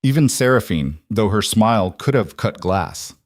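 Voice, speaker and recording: A man reading scripted audiobook narration in a measured, even storytelling manner. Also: on the low side, no echo, clean studio sound.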